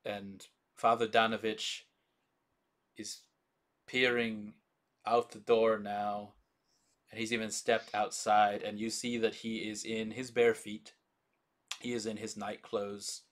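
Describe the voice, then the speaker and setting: A man narrating a tabletop game as game master, describing scenes in slow, descriptive detail. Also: lowish voice, level tone, fairly bright tone.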